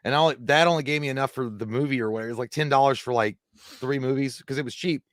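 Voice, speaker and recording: A man's voice: mid-range voice, racing, no room sound, clean studio sound. A man in his thirties co-hosting a casual live movie chat, rambling through profane stories. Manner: rambling, profane anecdotes with laughs and restarts. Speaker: co-host of a live movie talk show.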